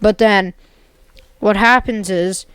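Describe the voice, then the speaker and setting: A woman's voice: mid-range voice, steady tone, slow, fairly bright tone, smooth, no room sound. A woman retelling an absurd made-up story in a rambling, jokey way, full of "basically" and "like". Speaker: video creator.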